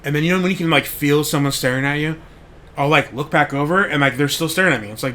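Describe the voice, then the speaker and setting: A man's voice: a little high, fast, sharp tone, a little hiss or hum. A man hosting a show, telling a rambling story in a casual monologue, full of "like" and frequent swearing. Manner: rambling, heavy on "like", swears freely. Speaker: podcast host.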